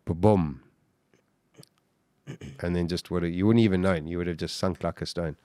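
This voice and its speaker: A man being interviewed, retelling a dramatic story with great intensity and acting out shouts and quoted lines. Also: fast, no room sound. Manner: vivid, acts out shouts and quotes, voice jumps high when excited. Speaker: guest.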